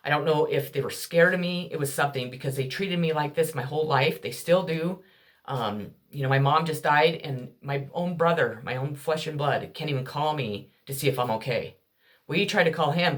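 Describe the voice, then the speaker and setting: A woman speaks to the camera in an unscripted, candid monologue. She talks raw and blunt, swearing freely as she vents hurt and anger. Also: deep voice. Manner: raw, profane, emotional storytelling. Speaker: vlogger telling her life story.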